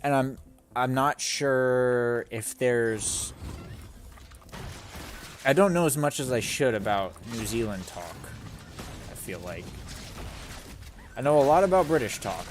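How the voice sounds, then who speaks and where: A man's voice: mid-range voice, a little hiss or hum. A man streaming a game, chatting casually in a rambling way and swearing often. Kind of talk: casual live-stream chat while gaming. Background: game music.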